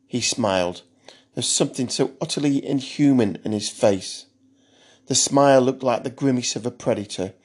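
A man narrating a thriller story in a measured, steady audiobook style. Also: medium pitch.

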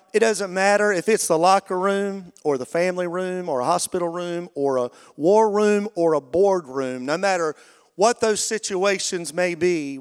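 Male pastor, high smooth voice, rousing call-and-response preaching, long hall reverb. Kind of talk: sermon.

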